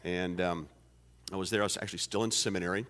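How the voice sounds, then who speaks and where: A pastor in his fifties, with a low, steady, slightly bright voice, talks fast as he tells a folksy story in his sermon. He uses lots of fillers and restarts, and the church sanctuary adds a long reverb.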